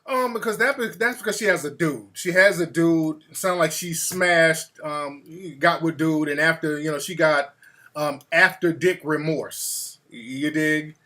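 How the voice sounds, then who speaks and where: A man's voice: on the high side, measured pace, sharp tone. A man hosting a call-in show, blunt and mocking in profane banter. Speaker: radio show host.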